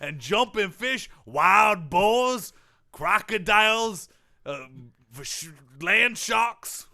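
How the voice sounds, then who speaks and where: A man's voice: high voice, animated, extremely slow, vocal fry, bright, forceful tone, heavily acted. A man in a comedy sketch impersonating a football quarterback who talks in a put-on Cajun drawl as a swamp tour guide, rambling and folksy. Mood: hammy.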